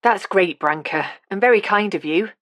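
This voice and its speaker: A woman's voice: medium pitch, normal speed, a bit bright, no room sound, studio quality, lightly acted. A woman voicing a polite, earnest young man in an audiobook.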